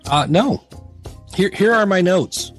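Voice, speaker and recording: A man's voice: high voice, animated, slow pace, faint music behind. A middle-aged man talking candidly as a podcast guest, telling stories in a self-deprecating way with many restarts. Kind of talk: casual interview chat.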